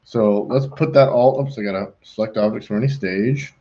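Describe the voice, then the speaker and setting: A man's voice: on the low side, normal speed, warm tone. Joking middle-aged man, lo-fi audio. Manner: joking, talks to himself while working. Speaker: pool designer hosting a live design call. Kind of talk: casual chat while designing on a computer. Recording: dull lo-fi stream audio.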